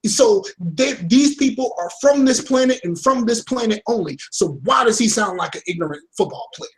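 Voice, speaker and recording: Young dude cohosting a podcast, high voice, slangy, gets all worked up. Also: male voice, animated, moderate pace. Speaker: podcast co-host. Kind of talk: casual podcast chat.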